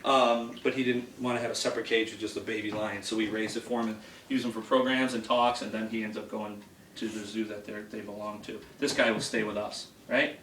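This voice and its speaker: A man's voice: lowish voice, flat delivery, brisk, fairly bright tone. A middle-aged man, an animal handler, telling jokey stories and laughing as he talks about an animal indoors at home. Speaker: exotic animal handler and educator. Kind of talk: casual storytelling while handling an animal. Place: indoors in a house. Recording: roomy, distant home video with background noise.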